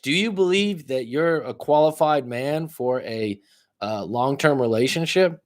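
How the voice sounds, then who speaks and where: Speaking at a measured pace in an ordinary middle pitch, a life coach gives live coaching advice on a casual livestream. He is blunt and profane, addressing a viewer directly. He hits key words hard before dropping into low asides, swinging lively between loud emphasis and quiet remarks.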